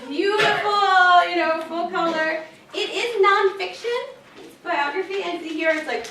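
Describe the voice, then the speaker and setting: A bright, fairly high-voiced woman librarian chats through a workshop talk, animated and full of "um"s and "like"s. She sounds set back from the mic in an echoey library meeting room with a faint hiss of noise behind her. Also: normal speed, distant mic. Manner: chatty, animated, lots of fillers like "um" and "like". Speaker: children's librarian presenting at a workshop. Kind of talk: casual workshop presentation.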